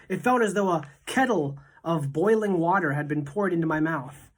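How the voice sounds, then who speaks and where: Teacher narrator, female, deep-pitched, steady expressive storybook reading. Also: normal speed.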